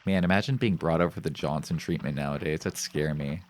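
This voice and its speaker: A man's voice: very deep voice, fast talker, a little hiss or hum. A young man streaming, chatting casually in rambling, profane, joking banter. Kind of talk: casual chat on a live stream.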